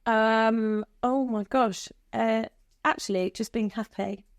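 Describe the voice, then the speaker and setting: A woman's voice: a little high, fairly even intonation, slow pace, no echo. A British woman singer, a guest on a podcast, chatting casually and rambling, laughing often. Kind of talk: casual interview chat. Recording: dry podcast studio.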